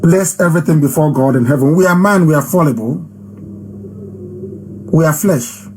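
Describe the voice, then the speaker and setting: A man with a high-pitched voice delivers an impassioned live broadcast. He hammers the same short phrases over and over with long pauses between them. A faint hiss sits under his voice. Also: a little mellow, low-quality recording. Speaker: movement leader hosting a live broadcast.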